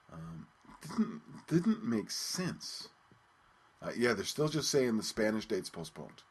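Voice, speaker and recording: A man hosting his own podcast, talking casually and haltingly with many ums and restarts. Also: lowish voice, big pitch swings, breathy edge. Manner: rambling, hesitant, many ums and repeated words. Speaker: podcast host. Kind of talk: casual solo radio-show talk.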